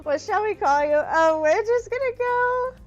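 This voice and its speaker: A woman's voice: extremely high pitch, expressive, measured pace, muffled recording, faint music behind. A woman streaming a dating sim, chatting playfully and reading the story text aloud with a lot of giggling. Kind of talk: casual gaming commentary, reading game text aloud.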